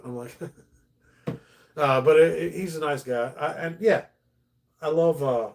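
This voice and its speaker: A man's voice: on the high side, slow pace, gravelly, pauses often, a little hiss or hum. A middle-aged man, a stand-up comedian, chatting casually on a livestream, rambling with many restarts and swearing freely.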